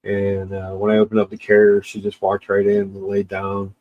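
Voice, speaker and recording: A man's voice: lowish voice, completely flat delivery, highs cut off. Tearful man crying through casual chat. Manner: halting, tearful, many restarts and pauses. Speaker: livestream host. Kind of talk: casual livestream chat with viewers.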